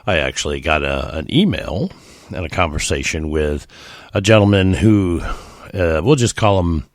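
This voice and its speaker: A man's voice: low voice, lively intonation, unhurried, no echo, clean studio sound. A middle-aged man hosting a casual solo podcast, rambling and chuckling with lots of fillers. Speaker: podcast host.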